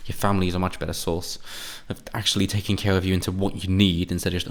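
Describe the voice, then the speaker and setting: A man's voice: deep voice, level tone, quick pace. A man delivering a sarcastic, profanity-laced political rant as a commentator. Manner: sarcastic, profane, mocks opponents in put-on voices. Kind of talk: ranting monologue.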